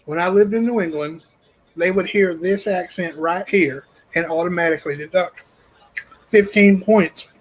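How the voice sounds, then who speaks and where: A man's voice: high-pitched, normal speed, slight background noise, rough recording. A man on a stream call making wry, dry-humored remarks in casual chat. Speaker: stream participant.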